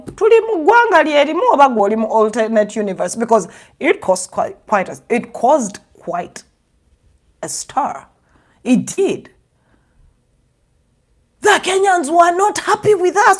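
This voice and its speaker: A young Ugandan woman with a Ugandan accent giving sarcastic, animated commentary, switching languages mid-sentence. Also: on the high side. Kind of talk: casual commentary monologue.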